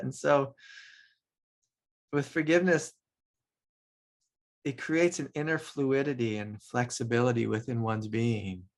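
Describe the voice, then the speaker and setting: A man speaking as a spiritual teacher, his voice a little gravelly and sitting at an ordinary pitch. He talks in a loose, reflective way, filling pauses with "like" and soft laughs. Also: fairly even intonation. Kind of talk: casual spiritual talk.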